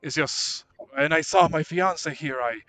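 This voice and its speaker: A man's voice: a little high, normal speed, pushed and bright, soft background music, voice pushed up. A man voicing an earnest, lovestruck young nobleman who speaks in an eager, formal, devoted way.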